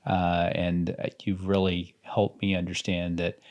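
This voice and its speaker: A man hosting a podcast interview, appreciative and halting with fillers as he thanks his guest. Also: sits low, monotone, darkish tone, lo-fi sound. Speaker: podcast host. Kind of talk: interview chat.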